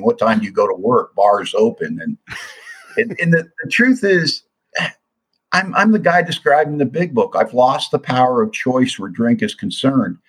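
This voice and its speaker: Older man, husky voice, sincere and reflective; personal testimony talk. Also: mid-range voice, a bit bright, rough recording. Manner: earnest, confessional, reflective. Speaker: recovery speaker.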